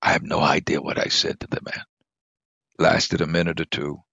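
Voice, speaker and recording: A man, a church bishop, telling an emotional personal testimony in conversation, his voice dropping low and soft at the moving moments. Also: level tone, normal speed, vocal fry, husky, no room sound. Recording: dull lo-fi dry sound.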